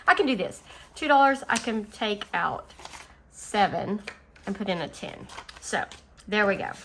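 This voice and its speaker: A woman hosting a casual budgeting video, chatting and counting her savings out loud, easily amused. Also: on the high side. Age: adult. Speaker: budgeting channel host. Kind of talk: casual chat while scratching savings challenges. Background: faint engine noise from a utility vehicle outside.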